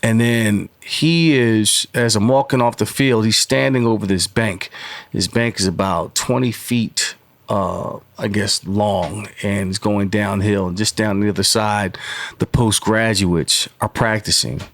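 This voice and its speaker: A man's voice: fairly low pitch, steady tone, measured pace, fairly bright tone. A man in his forties, a podcast guest, telling stories in a rambling way with many fillers. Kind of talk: casual storytelling interview.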